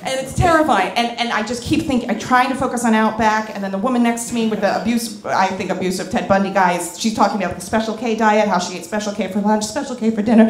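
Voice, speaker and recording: A woman telling a comic story on stage to a live audience, animated and candid, often laughing as she talks. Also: on the high side, quick pace, echoey room, slight background noise. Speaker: comedic storyteller. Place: club stage before an audience.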